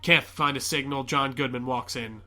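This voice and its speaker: A man hosting a podcast, chatting casually and excitedly retelling a movie with lots of fillers. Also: mid-range voice, normal speed. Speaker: podcast host. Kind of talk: casual chat.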